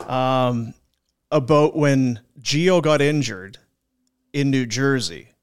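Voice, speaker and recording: A man's voice: medium pitch, takes it slowly, smooth. A man hosting a sports podcast, telling locker-room stories in casual chat and acting out the quotes. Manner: chatty anecdotes, acts out quotes. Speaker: podcast host.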